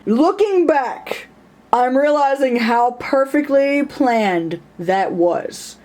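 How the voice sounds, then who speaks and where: A woman's voice: high voice, lively intonation, takes it slowly, darkish tone. A woman talking casually in a personal vlog, rambling and self-mocking, often laughing and acting out voices in her stories. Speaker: vlogger.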